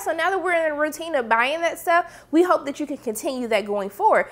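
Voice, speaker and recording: High-voiced woman recapping a TV episode. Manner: animated, acts out characters' lines in quick voices. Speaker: TV episode reviewer. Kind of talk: casual recap vlog.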